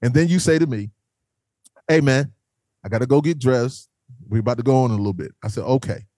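A man's voice: mid-range voice, a little fast, dark tone, dry recording. A man telling a long story in casual chat, acting out quotes and swearing freely.

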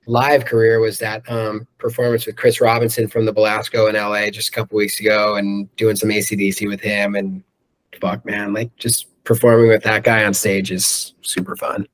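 A man who sings in a rock band, chatting loosely in an interview, swearing freely and filling his talk with "um" and "like". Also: medium pitch. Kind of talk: casual interview chat.

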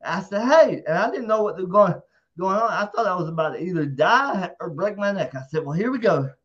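A man telling a rowdy story in casual talk, animated and profane, acting out quotes loudly. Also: high-pitched, a little fast, dull audio. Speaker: interview guest.

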